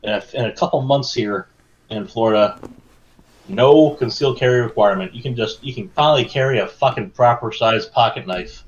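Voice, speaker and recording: A man's voice: medium pitch, fairly quick. A man on a casual podcast, telling stories in a rambling, meandering way. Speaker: podcast co-host. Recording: dull lo-fi sound.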